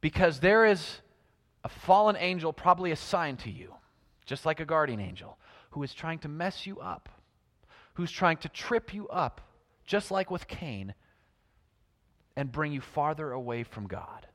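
A man preaching a sermon, telling stories and swinging between loud emphasis and hushed lines. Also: on the high side, animated, measured pace, long reverb tail.

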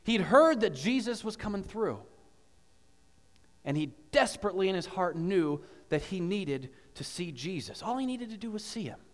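A man preaching a sermon as pastor, telling a story with animated questions to the congregation. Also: high-pitched, moderate pace, in a large hall. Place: church.

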